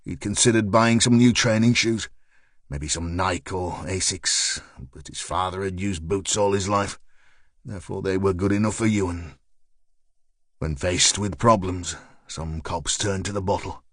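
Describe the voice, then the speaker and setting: A man narrating a thriller audiobook in a measured, steady storytelling voice. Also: sits low, no echo, studio quality. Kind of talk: scripted narration.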